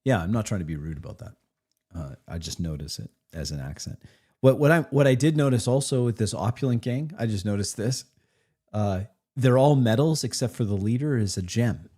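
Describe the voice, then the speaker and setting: A man's voice: lowish voice, lively intonation, fairly quick, mellow, slightly rough. A man critiquing a recorded game session on a live stream, rambling with frequent restarts. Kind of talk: live reaction commentary.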